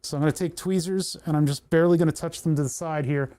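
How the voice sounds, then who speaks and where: Mellow-voiced man soldering on a livestream. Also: fairly high pitch, fairly even intonation, quick pace. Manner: thinks aloud and talks to the parts he works on. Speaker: electronics livestreamer. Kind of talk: casual livestream commentary while soldering.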